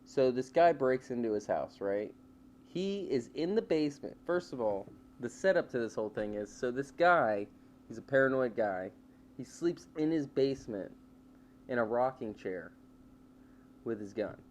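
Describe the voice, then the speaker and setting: A man's voice: medium pitch, animated, moderate pace. Man, podcast co-host, casual storytelling, acts out voices, faint background noise.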